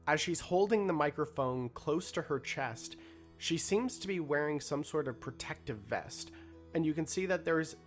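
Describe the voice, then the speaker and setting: A man narrates a tabletop role-play game as its storyteller. His voice sits at a middling pitch, and his delivery is slow and ominous, with faint music playing underneath.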